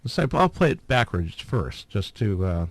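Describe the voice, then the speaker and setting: Unhurried and low-voiced, a man hosting a podcast rambles through casual chat with plenty of hesitation, fillers and chuckles. His pitch swings widely, he has vocal fry, and a slight hiss or hum is audible.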